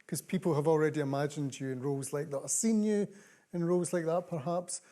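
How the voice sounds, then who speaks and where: Low, mellow-voiced woman interviewer. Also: a little fast. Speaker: interviewer and event chair. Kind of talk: onstage interview.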